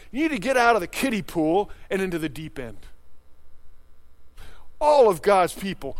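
Older man, pastor, high-pitched voice, emphatic sermon delivery, loud then hushed. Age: 60s. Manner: emphatic, rhetorical questions, swings between loud and hushed.

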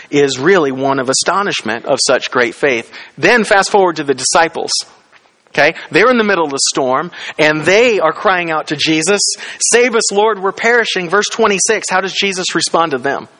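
A man's voice: expressive, moderate pace, bright, forceful tone. A man preaching a sermon in a conversational way, often asking the listeners questions and acting out quoted lines. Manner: conversational, asks the congregation questions; acts out quoted lines with rising pitch. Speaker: pastor.

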